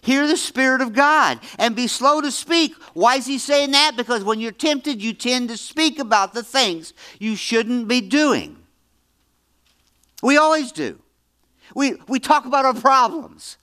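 A man in his seventies preaching a Bible-teaching sermon, emphatic, repeating phrases and swinging between loud and hushed. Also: very high voice, lively intonation, measured pace, smooth. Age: 70s.

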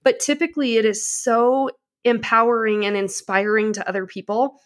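A woman in casual conversation, telling stories in an energetic, passionate, self-mocking way. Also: a little high, normal speed.

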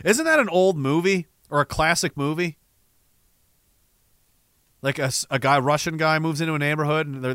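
A man rambles through viewer messages on his livestream, sardonic and quick to swear. His voice sits a little high for a man and has a bright, forceful edge. The sound is dry and close, with no room around it. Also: clean tone, dry recording. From Canada. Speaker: livestream host. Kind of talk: casual livestream chat reading viewer messages.

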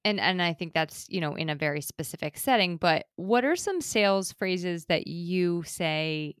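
A woman's voice: lowish voice, animated, moderate pace, smooth, no echo, clean studio sound. A woman hosting a podcast in a casual, chatty way, laughing easily.

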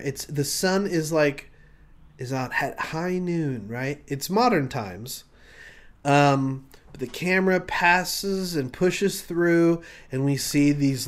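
A man pitching a comic idea, telling it as an animated story and acting out scenes. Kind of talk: comic pitch, casual banter.

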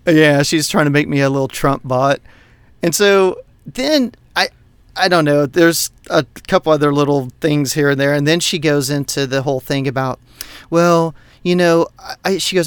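A man from Texas tells a story on a casual podcast, his voice a touch high and smooth. He is animated and profane and laughs often. The sound is dry and close to the mic. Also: moderate pace, dry recording. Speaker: podcast co-host.

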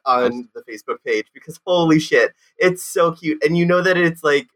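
Casting: fairly high male voice, eager, gushing, relaxed podcast banter. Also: moderate pace. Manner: enthusiastic, gushing. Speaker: podcast co-host. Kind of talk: casual chat.

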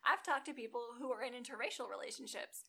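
A woman in casual chat, reacting quickly and quoting people in an animated way. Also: a little high, gravelly.

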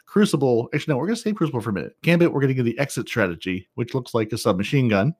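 Fast-talking teasing podcast host. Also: male voice, mid-range voice, animated, husky. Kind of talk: casual gaming podcast chat.

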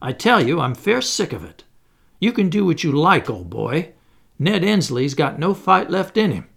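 A man voicing a surly, hungry male vagrant who talks rough and whines for food, with a gravelly voice. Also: on the high side, big pitch swings, moderate pace, fairly bright tone, pitched above the performer's own voice, exaggerated voice. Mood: exasperated. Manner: rough, whining, pleading.

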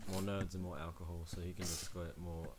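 A man's voice: low-pitched, level tone, over a noisy crowd. A young man co-hosting a podcast in casual chat, teasing his friend dryly. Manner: slow, dry teasing. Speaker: podcast co-host.

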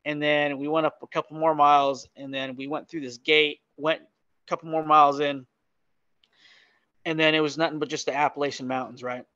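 Male guest, lively storyteller, slightly high voice, muffled dry recording. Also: brisk, dry recording. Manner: animated, laughs often, acts out quotes. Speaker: podcast guest. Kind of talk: casual storytelling.

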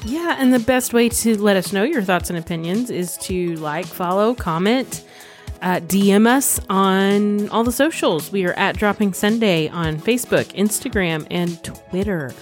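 A woman co-hosting a podcast in casual chat, teasing and quick to agree. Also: mid-range voice, faint music behind. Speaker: podcast co-host.

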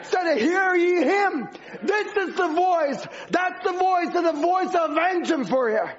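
A man's voice: very high voice, unhurried, some chatter behind. A man preaching a sermon with an emphatic, repetitive cadence. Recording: dull lo-fi recording.

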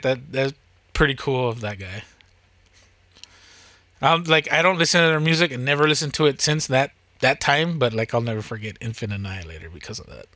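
A man's voice: a little high, pushed and bright, no room sound. A young man chatting casually on a podcast, rambling, swearing often and laughing a lot. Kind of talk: casual chat.

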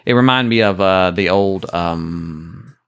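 A man's voice: sits low, takes it slowly, fairly bright tone, clear, resonant tone. A man co-hosting a podcast, rambling at length through stories in casual chat. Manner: rambling, talkative storyteller. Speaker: podcast co-host.

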